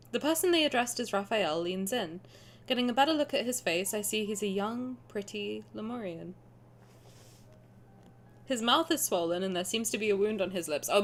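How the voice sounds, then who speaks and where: Young woman streaming a story game, reads the text out then goes off chatting and laughing, faint hum behind. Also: mid-range voice. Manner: animated, chatty, laughs often, reads aloud then riffs. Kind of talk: game playthrough, reading narration and reacting.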